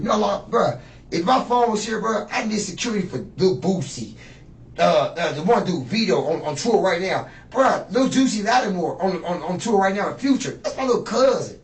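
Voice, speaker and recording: Here a suspect in his fifties, a man, rambles expressively through his interrogation, a little high and a little quick, bragging and swearing as he goes. It's recorded in an echoey interrogation room from a distant mic, with faint background noise.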